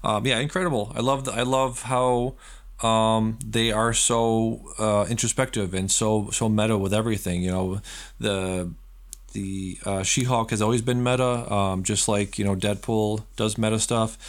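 A man co-hosting a podcast, chatting casually and rambling as he retells scenes with quick acted-out quotes. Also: on the low side, fairly even intonation. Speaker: podcast co-host. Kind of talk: casual chat.

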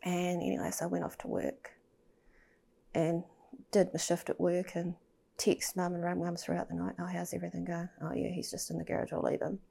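Woman guest, gravelly low voice, candid and emotional, trails off to near-whispers. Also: completely flat delivery, brisk, warm tone. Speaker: podcast guest. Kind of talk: personal storytelling in a podcast interview.

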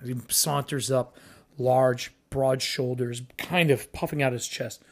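A man's voice: mid-range voice, fairly even intonation, slow. A man hosting a solo podcast about tabletop role-playing, talking casually and bluntly, swearing freely and full of enthusiasm. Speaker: podcast host.

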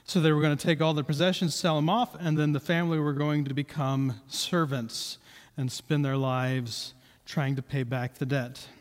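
A man's voice: fairly high pitch, fairly even intonation, moderate pace. A man preaching a sermon in a conversational way, repeating key points for emphasis. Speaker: pastor. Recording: reverberant hall.

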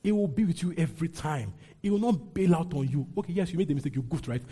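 A man's voice: fairly high pitch, lively intonation, fast, mellow, husky. A man preaching a sermon as pastor, leading his congregation in call-and-response scripture reading. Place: church with a congregation.

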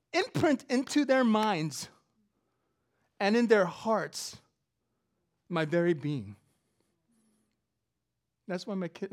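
A woman preaching a sermon, moving between soft conversational asides and loud, emphatic passages. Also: mid-range voice. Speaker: professor.

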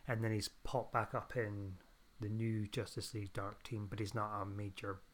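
A man's voice: fairly low pitch, normal speed. Man chatting casually about comics. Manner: relaxed, rambling comic review. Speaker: podcast co-host. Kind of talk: casual chat.

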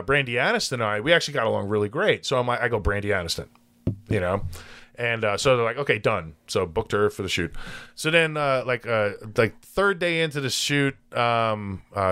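A man telling a long story in casual chat as a podcast guest, animated and full of restarts, swearing and quoted voices. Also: lowish voice, a little fast, clean tone. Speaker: podcast guest, adult film performer.

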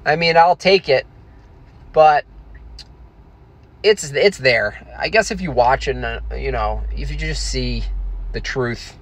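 A man's voice: medium pitch, slow, pauses often. A man chatting casually, rambling and joking irreverently as he reacts to comments. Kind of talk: casual chat.

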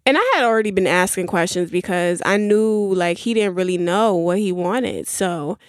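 A woman's voice: on the low side, normal speed, clean tone, no echo, studio quality. A young woman hosting a podcast, telling a rambling story in casual chat with many fillers and asides. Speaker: podcast host.

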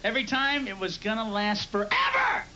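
A man's voice: high voice, animated, normal speed, background noise. A male stand-up comedian performing live on a club stage, with profane, explosive screaming outbursts. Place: comedy club stage before a loud audience. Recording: lo-fi live club recording, roaring crowd.

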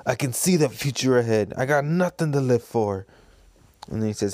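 A man's voice: mid-range voice, expressive, normal speed, darkish tone, dry recording, clean studio sound. Casual man talking through a comic. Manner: loose, filler-laden describing of pages. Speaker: comic reader, video host.

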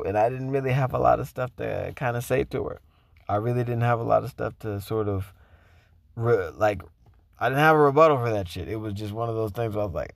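Gravelly-voiced man telling a classroom story. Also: fairly quick, no echo, clean studio sound. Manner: animated, profane, acts out quotes in a higher voice. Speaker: teacher. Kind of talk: casual storytelling.

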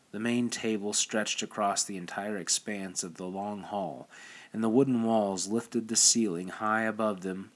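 A man reads a novel aloud in a steady, measured way, sometimes restarting a word. His voice sits on the low side. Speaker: audiobook narrator. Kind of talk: scripted narration.

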